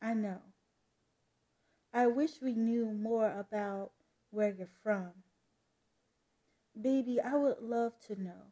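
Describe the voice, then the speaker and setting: A woman voicing a gentle adoptive mother who speaks softly and reassuringly in a comic book read-aloud. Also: on the high side, slow, pauses often. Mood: soothing. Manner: soft, reassuring.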